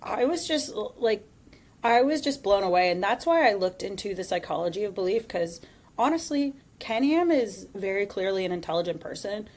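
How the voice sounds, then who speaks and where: A woman co-hosting a casual podcast, chatty and animated, laughing often. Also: medium pitch, normal speed. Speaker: podcast co-host.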